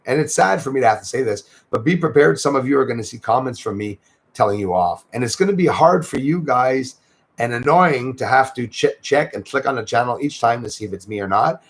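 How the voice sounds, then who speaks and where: Guy chatting on his livestream, kinda gravelly, throws in eh a lot. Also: medium pitch. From Canada. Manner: chatty, greets viewers by name, says "eh" a lot. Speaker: livestream host. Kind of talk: casual livestream chat.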